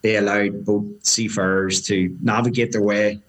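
A man's voice: lowish voice, level tone, moderate pace, rough recording. A man, a whiskey brand co-founder, answering interview questions earnestly, hesitant at first, then fluent. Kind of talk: casual interview talk.

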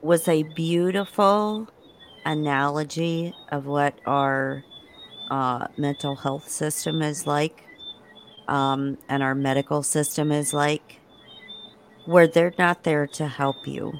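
Low-voiced, unhurried woman host. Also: steady tone, slight background noise. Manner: affirming, thoughtful. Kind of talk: casual interview.

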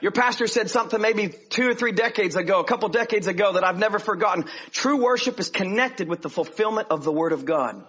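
Male preacher, high bright husky voice, animated sermon delivery, dull lo-fi recording. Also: quick pace, few pauses. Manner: animated preaching, swinging from hushed to loud.

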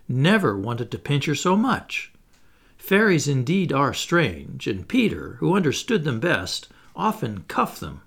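A man reading a children's story aloud in a gentle, expressive narration. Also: mid-range voice, creaky, husky. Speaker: audiobook narrator.

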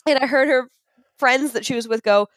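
A young adult woman co-hosting a podcast in casual chat, gushing and excitable as she tells a story. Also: high voice, a little fast, dry recording. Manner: excitable, gushing storyteller, fond of self-described geeking out. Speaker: podcast co-host.

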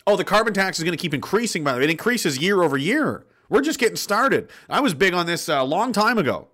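A man's voice: sits high, big pitch swings, fast, a bit bright. A man giving an indignant, sardonic political rant on his vlog and swearing freely. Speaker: political commentator.

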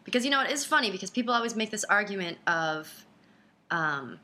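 A woman's voice: medium pitch, lively intonation, brisk, sharp tone, a little hiss or hum. A woman chatting casually, playful and teasing, gushing over her friend. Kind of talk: casual chat.

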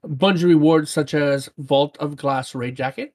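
A co-host on a casual gaming stream, reading out chat messages and news in an excitable way. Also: mid-range voice, unhurried. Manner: animated, excitable, reads items aloud.

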